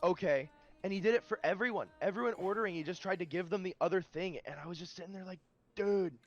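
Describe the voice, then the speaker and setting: A man's voice: sits high, fast talker, faint music behind. Muffled man on voice chat. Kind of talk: casual storytelling chat.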